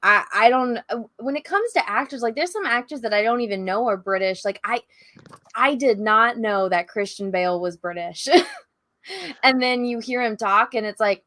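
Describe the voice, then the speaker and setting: A woman's voice: on the high side, normal speed, a bit bright, no room sound. A woman with a Californian accent, a guest on a video call, talking casually and giggling, with lots of "like.". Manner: chatty, giggly, many fillers like "like". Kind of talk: casual chat. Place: home art studio. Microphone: video call mic.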